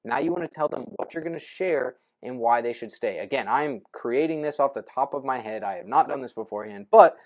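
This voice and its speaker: A young adult man giving a casual screen-share lesson on writing posts, thinking aloud as he types and punctuating steps with "right?" and "boom.". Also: lively intonation, brisk, hardly any pauses. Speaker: real estate investing coach.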